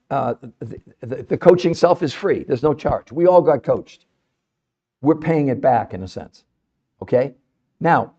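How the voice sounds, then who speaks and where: A man hosting a podcast, delivering an animated, emphatic health talk full of rhetorical questions to his audience. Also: a little high, lo-fi sound. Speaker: podcast host.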